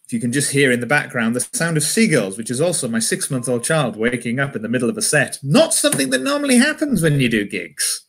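A man's voice: medium pitch, husky. A man with a Yorkshire accent doing a wry stand-up comedy set from home, often restarting his phrases.

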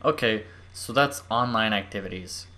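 A young adult gaming YouTuber delivers excitable let's-play commentary, gushing and swinging between squeals and murmurs. The voice is mid-range and moves at a moderate pace.

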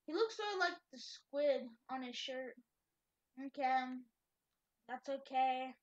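A woman's voice: high-pitched, slow pace, highs cut off. A woman giving playful, chatty gameplay commentary, talking to herself with sudden exclamations. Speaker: gamer.

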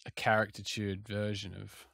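A man's voice: on the low side, little pitch movement, normal speed, vocal fry, a bit bright, no echo, studio quality. An Australian man chatting casually as a podcast guest, thinking aloud with restarts. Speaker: guest producer.

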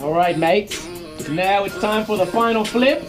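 High-voiced joking young man vlogging. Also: unhurried, music in the background. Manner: goofy, swears, laughs a lot. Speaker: vlog host. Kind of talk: joking casual vlog.

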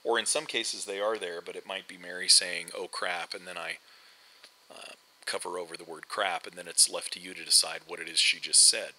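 A man's voice: low voice, steady tone, fairly quick, bright, forceful tone, low-quality recording. A middle-aged man chatting casually over gameplay, rambling with lots of fillers and restarts. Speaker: host. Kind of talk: casual game commentary.

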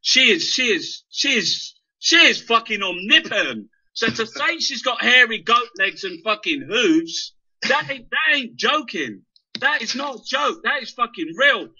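Man, high and sharply bright, furious sweary stammering rant, dull lo-fi sound. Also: very animated, a little slow, slightly rough. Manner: heavy swearing, repeated stammered words. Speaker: guest. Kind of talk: impassioned political rant. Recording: dull lo-fi internet radio audio.

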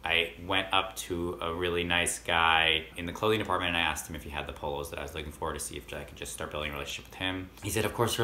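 A man chatting through a storytime vlog, retelling his shopping trip with quick, lively quoted dialogue. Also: low-pitched, reverberant, a little hiss or hum. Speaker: vlogger.

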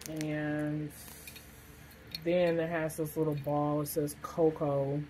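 Low, slow-talking woman vlogger. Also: level tone, dark tone, slight background noise, rough recording. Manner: chatty, rambling, lots of fillers. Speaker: vlogger showing a shopping haul. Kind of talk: casual haul vlog. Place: hot room with a fan blowing.

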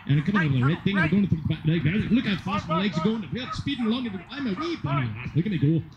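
A man's voice: extremely high pitch, fairly even intonation, quick pace, lo-fi sound. A man voicing a cheeky wee sheepdog girl. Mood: boastful. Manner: playful, self-admiring. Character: cheeky young female sheepdog, boastful and bouncy. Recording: loud outdoor noise, dogs barking.

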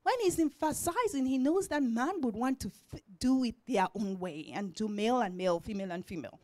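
High, animated woman preacher. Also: brisk, no echo. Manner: swings from shouting to near-whispers. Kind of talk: sermon. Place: church.

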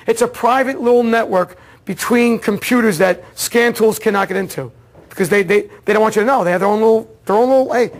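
A man teaching an automotive diagnostics seminar, telling a case story in a casual, excitable way and acting out the dialogue. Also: sits high. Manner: casual slangy talk, repeats words. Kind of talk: seminar lecture.

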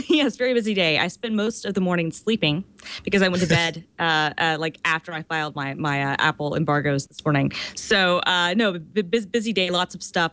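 A woman on a tech podcast panel who rambles and giggles as she talks, her voice sitting on the lower side. The sound is dry and close, with no room around it. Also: brisk, a bit bright, no room sound. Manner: giggly, rambling, many fillers. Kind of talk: casual podcast chat.

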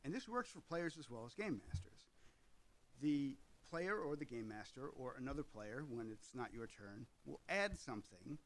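Brief: male host for a tabletop explainer, mid-pitched, discursive. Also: low-quality recording. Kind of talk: explainer video on tabletop gaming.

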